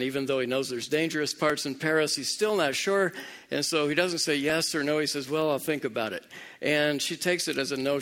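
A man's voice: a little high, a bit bright. Man casually retelling a film plot. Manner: conversational, speaks straight to listeners.

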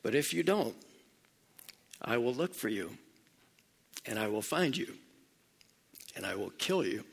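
A man doing a calm, menacing father. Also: medium pitch, normal speed, close to an everyday voice. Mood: cold threat. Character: calm, menacing middle-aged father threatening a kidnapper.

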